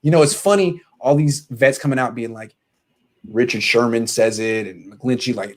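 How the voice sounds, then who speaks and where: A man's voice: mid-range voice, normal speed. A man hosting a casual sports talk show, ranting animatedly and reading out viewer comments.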